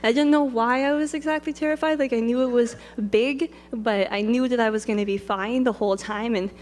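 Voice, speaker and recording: A woman's voice: fairly high pitch, fairly even intonation, brisk, a little mellow. A young woman telling a personal story in a chatty, rambling way. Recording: long reverb.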